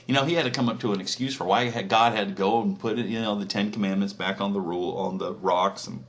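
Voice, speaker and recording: A man's voice: lowish voice, steady tone, fast, a bit bright. A man telling a crude, profane comedic story in a rambling, casual way.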